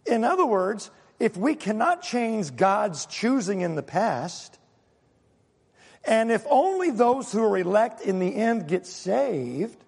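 A man's voice: high voice, gravelly, darkish tone, breathy edge, long reverb tail. A male pastor preaching a sermon, emphatic and fond of rhetorical questions to his congregation.

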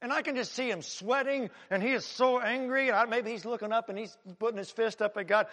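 A male pastor preaching a sermon in a church, animated, swinging between loud emphatic lines and hushed asides. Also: very high voice, brisk, hardly any pauses, big-room sound.

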